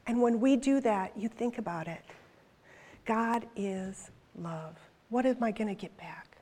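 A woman in her fifties preaching a sermon in a chatty, animated way, full of quick asides to the congregation. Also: a little high. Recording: long hall reverb.

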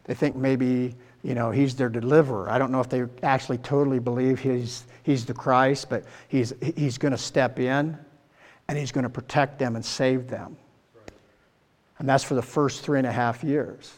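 A man's voice: medium pitch, steady tone, normal speed, a little mellow, in a large hall. A man giving a Bible teaching sermon in a conversational way, often checking in with his listeners. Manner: conversational, asks the listeners questions. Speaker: preacher.

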